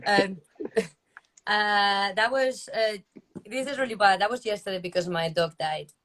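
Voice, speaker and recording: A woman's voice: medium pitch, measured pace, a bit bright. A woman being interviewed, answering candidly and laughing often. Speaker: guest, dancer and magician. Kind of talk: casual interview chat.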